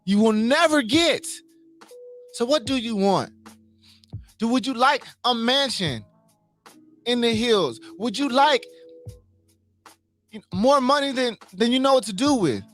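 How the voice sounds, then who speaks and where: A man's voice: very high voice, lively intonation, slow, long pauses, fairly bright tone, soft background music. A man hosting a casual motivational livestream, emphatic, repeating his points and asking his listeners questions.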